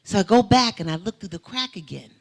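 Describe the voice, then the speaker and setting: A guest speaker with an expressive, mid-range voice gives a testimony sermon in a church sanctuary, talking fast as her vivid story swells into emphatic preaching.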